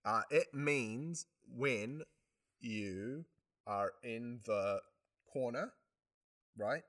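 Giggly male co-host, unhurried and rambling, bright voice that swoops around. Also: medium pitch. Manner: giggly, rambling, improvising jokes. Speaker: podcast co-host. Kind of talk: comedy podcast banter.

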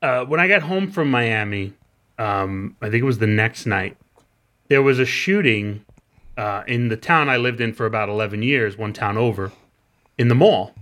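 A man's voice: medium pitch, expressive, normal speed, a bit bright. A man co-hosting a podcast, chatting casually and laughing easily at his own stories. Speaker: podcast co-host. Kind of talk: casual chat.

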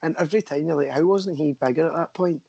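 Gravelly man, casual and sweary. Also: a little high, fast, warm tone, no echo, lo-fi sound. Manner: swears casually, tags questions. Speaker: podcast co-host. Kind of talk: casual film review chat.

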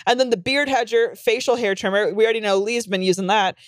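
Woman, podcast co-host, playful and slangy, fairly high voice, dry close sound. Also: fairly even intonation, fast, dry recording. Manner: playful, slangy, swears freely. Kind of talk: casual comedic chat.

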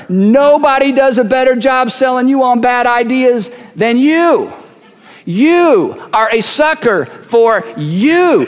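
A man preaching a sermon to a congregation, animated, acting out voices and repeating phrases for emphasis. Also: very high voice. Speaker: pastor. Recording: long reverb of a large hall.

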